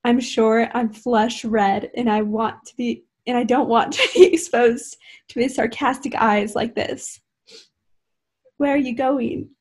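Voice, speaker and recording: Husky woman reading aloud, stifling giggles. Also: a little high, steady tone, measured pace, darkish tone. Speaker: reader in a group reading. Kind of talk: casual read-aloud over video call. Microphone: video call.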